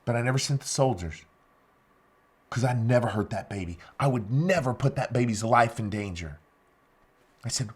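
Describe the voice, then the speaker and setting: A man giving a keynote speech as a dramatic story, acting out the dialogue and swinging between loud emphasis and hushed lines. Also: medium pitch, lively intonation, moderate pace, breathy edge. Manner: acts out quoted dialogue. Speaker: keynote speaker.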